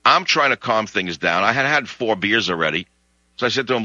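A man hosting a radio talk show, telling a story in an animated, indignant way. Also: medium pitch, fairly quick, no echo. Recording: dull lo-fi radio broadcast audio.

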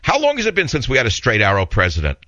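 A man's voice: mid-range voice, huge pitch swings, fast talker, pushed and bright, no echo, muffled recording. A man with a heavy New York accent hosting a talk radio show, opinionated and rambling in a blunt monologue.

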